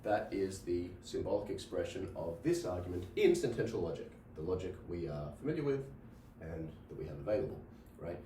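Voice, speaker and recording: A man lectures on logic in a classroom with a board, restarting phrases, repeating himself, and checking in with "right?". His low, mellow voice swings widely in pitch and moves a little fast with few pauses. Recorded from a distance in an echoey room, with a little hiss or hum.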